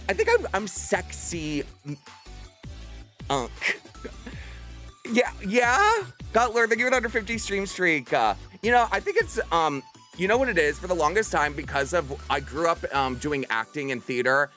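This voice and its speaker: A man's voice: high-pitched, big pitch swings, normal speed, pushed and bright, faint music behind. A man in his thirties chatting casually with viewers on a livestream, bubbly and theatrical. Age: 30s. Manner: bubbly and theatrical, bursts into playful screams.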